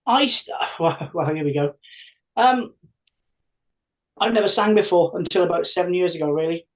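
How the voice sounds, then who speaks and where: A man in his fifties tells stories on a podcast. He talks in an animated way and acts out voices from his past. The sound is muffled and lo-fi. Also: sits high, normal speed, recorded from a distance. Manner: animated, acts out quoted dialogue. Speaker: podcast guest, tribute band singer. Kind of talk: casual storytelling. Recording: muffled lo-fi audio.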